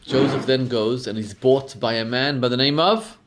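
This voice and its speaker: A man, a rabbi giving a storytelling sermon who acts out the quotes with lively rises in pitch and volume. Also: moderate pace, slight background noise.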